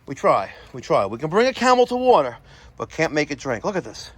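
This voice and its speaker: A man, vlogging outdoors while servicing air conditioners, excitable and quick to exclaim and laugh. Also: a little high, no echo. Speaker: plumbing and HVAC contractor. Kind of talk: on-the-job vlog. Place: outdoors at a house.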